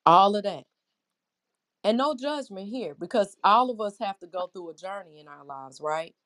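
A woman's voice: mid-range voice, animated, moderate pace, fairly bright tone. A middle-aged woman preaching a Bible lesson in an impassioned, conversational way, often putting questions to her listeners.

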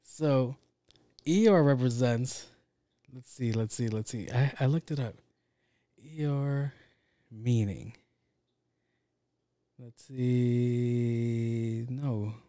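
A man's voice: medium pitch, drawn-out words, long pauses, dry recording, studio quality. Slangy profane man telling a work story. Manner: profane, slangy, animated with acted quotes.

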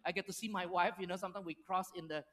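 Storytelling pastor preaching. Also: male voice, sits high, very fast. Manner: storytelling with lively acted-out quotes, non-native phrasing. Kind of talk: sermon.

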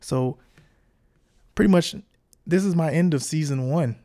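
A man speaking with a gravelly, fry-edged voice in a casual solo podcast monologue. His tone is dark and mellow, and he talks frankly, encouraging his listeners in loose everyday slang. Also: fairly high pitch, a little slow. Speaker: podcast host.

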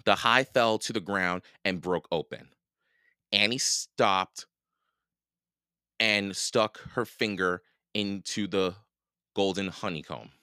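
A man reading a children's storybook aloud in a slow, expressive way. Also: sits low, clear, resonant tone, dry recording, studio quality. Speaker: reader.

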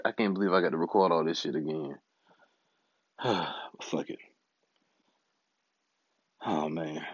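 A man's voice: fairly low pitch, mellow, no echo. Frustrated, cursing man ranting. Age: adult, married. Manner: frustrated, profane, rambling. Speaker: podcast host. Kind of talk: casual ranting monologue. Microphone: home recording setup. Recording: dull, dry lo-fi home recording.

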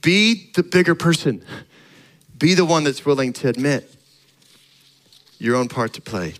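A man's voice: a little high, expressive, a little slow, rough recording. A middle-aged male pastor preaching a sermon in a conversational way, acting out little dialogues and rising to emphatic points.

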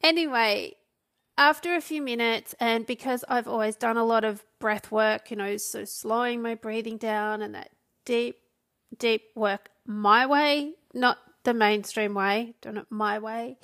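Gravelly woman coach talking. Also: a little high, fairly even intonation, measured pace, fairly bright tone. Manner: conversational, with restarts and acted quotes. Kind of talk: solo podcast talk.

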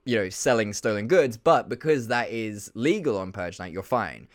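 A man's voice: on the low side, animated, moderate pace, dry recording, clean studio sound. A South African man co-hosting a podcast in casual chat, joking and swearing freely. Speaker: podcast co-host.

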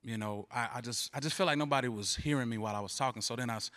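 A man giving an earnest, halting church testimony. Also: medium pitch, fairly bright tone. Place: church sanctuary.

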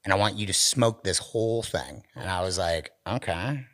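A low-voiced man, a podcast co-host, tells a wild story at a moderate pace in casual chat. He's animated and profane, acting out quotes as he goes.

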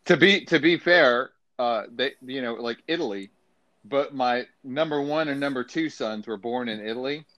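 A man in casual conversation who adds wry, dry asides. His voice is bright and forward, recorded close and dry. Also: medium pitch, normal speed, no echo, highs cut off. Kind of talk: casual chat.

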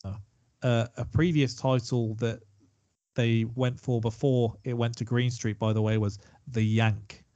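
A man's voice: mid-range voice, fairly even intonation, measured pace, dark tone, dry recording. Chatty man on a muffled mic. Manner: chatty, digressive, self-deprecating. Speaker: podcast co-host. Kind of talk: casual film chat.

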